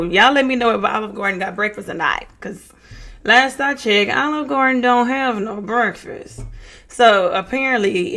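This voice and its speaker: A woman's voice: medium pitch, sharp tone. A young woman giving casual reaction commentary, reading text messages aloud and adding sassy asides, often calling people baby and honey. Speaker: true-crime reaction vlogger.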